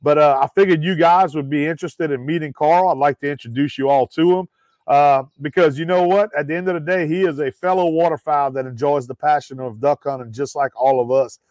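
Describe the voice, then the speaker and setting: A man's voice: on the high side, fairly even intonation, brisk, darkish tone, no echo. A man hosting a casual podcast in a folksy way, with lots of "uh" fillers, and calling his listeners guys. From Louisiana. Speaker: podcast host.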